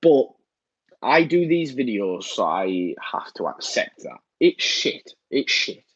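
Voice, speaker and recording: Casual live-stream host, thirties, husky and nasal from a cold, dull lo-fi mic. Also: male voice, mid-range voice, sing-song, slow pace, a bit bright, dry recording. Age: 30s. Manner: rambling, frequent ums and repeats. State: blocked nose, downbeat. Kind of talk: casual live-stream chat reading comments. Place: home room.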